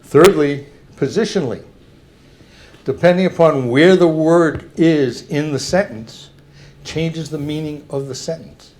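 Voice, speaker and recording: Slow, careful older man explaining. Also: on the high side, a little mellow. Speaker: veteran giving a talk. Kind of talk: public talk with slides.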